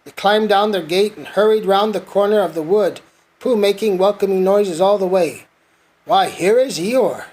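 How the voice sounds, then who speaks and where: A man reading a storybook aloud to his son in a gentle, even way. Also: fairly high pitch. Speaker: father reading a bedtime story.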